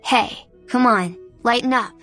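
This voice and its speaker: A woman voicing a cocky, joking female adventurer with a muffled rasp, speaking in a breezy, teasing way. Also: a little high, unhurried, a bit bright, soft background music.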